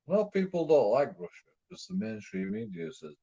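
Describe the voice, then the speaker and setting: Husky, animated man ranting. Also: medium pitch, a little slow, long pauses. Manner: rambling, repetitive, swears constantly. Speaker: streamer. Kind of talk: profane ranting monologue. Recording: dull lo-fi recording.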